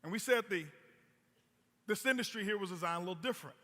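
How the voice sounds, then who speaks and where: A man's voice: high voice, quick pace, bright, forceful tone. A man presenting network marketing in a motivational stage talk, telling stories with punchy repetition and rhetorical questions. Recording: long hall reverb.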